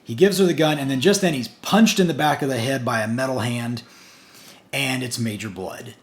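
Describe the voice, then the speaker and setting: A man's voice: mid-range voice, moderate pace. A man casually recapping a comic book issue, stringing events together in long run-on sentences. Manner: chatty, recounts the plot in long run-on strings with "and" and "basically".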